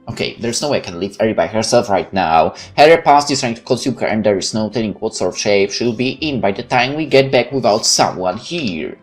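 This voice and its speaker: A man reading a visual novel aloud, narrating in first person with expressive delivery. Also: fairly low pitch, fairly quick, few pauses, faint music behind. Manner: expressive, candid. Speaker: let's play narrator.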